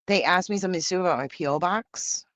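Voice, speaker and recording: A man's voice: high-pitched, fast talker, fairly bright tone, no echo. Brash, profane man hosting a livestream. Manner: brash, profane, campy banter with chat. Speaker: livestream host. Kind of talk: casual livestream chat reading viewer comments.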